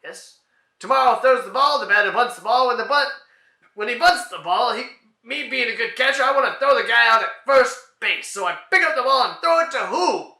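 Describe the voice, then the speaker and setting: A man voicing an excitable, flustered man who shouts in exasperation while trying to learn the players' names, in a comedy dialogue reading. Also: very high voice, gravelly, reverberant, heavily acted. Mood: exasperated. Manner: shouting, exasperated, rapid-fire.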